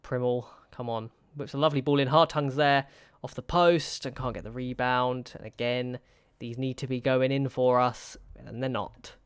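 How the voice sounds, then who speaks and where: A young man talks through a football management game in a smooth, clear voice at an ordinary pitch. He frets and pleads with his players, sighing between matches. The sound is dry and close. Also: steady tone, moderate pace, dry recording. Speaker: gaming YouTuber. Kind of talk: casual gameplay commentary.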